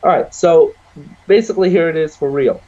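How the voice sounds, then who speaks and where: A young man co-hosting a casual podcast over a video call, loud and slangy, swearing and laughing often. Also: a little high, brisk, highs cut off. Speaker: podcast co-host.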